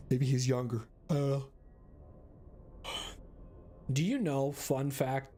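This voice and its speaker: A man's voice: medium pitch, darkish tone. A man streaming a video game, chatting casually in a rambling, cursing way. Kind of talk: casual gaming commentary.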